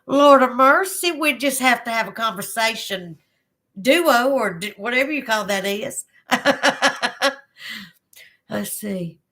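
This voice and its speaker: A woman's voice: fairly high pitch, a bit bright. Chatty Southern woman hosting a live stream. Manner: chatty, laughs often, folksy. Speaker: live stream host reading chat. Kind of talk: casual chat. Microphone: phone.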